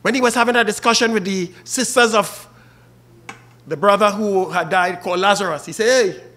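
A man's voice: sits high, moderate pace, pushed and bright. A man with a Trinidadian accent preaching a funeral sermon and calling out to the mourners by name. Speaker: officiating minister at a funeral.

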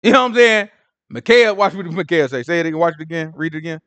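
A man's voice: on the high side, lively intonation, fast talker, a bit bright, no room sound. A man leading a casual Bible study, retelling scripture in slang and acting out the characters' lines. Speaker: Bible teacher.

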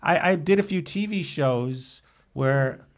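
A nervous man, an actor guesting on a podcast, talks in halting starts and stops. His voice sits a little high. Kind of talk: casual chat.

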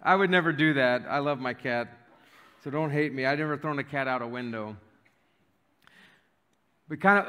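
A man's voice: on the high side, pushed and bright. A man preaching a sermon as pastor, joking and conversational with frequent fillers. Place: church sanctuary. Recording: reverberant church hall.

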